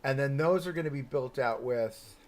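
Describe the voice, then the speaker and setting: A man's voice: medium pitch, moderate pace, a little mellow, a little hiss or hum. A man casually talking through his theme park build on a live stream, thinking aloud with lots of "like" and "right?". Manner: chatty, thinking aloud with many "like"s and rhetorical "right?".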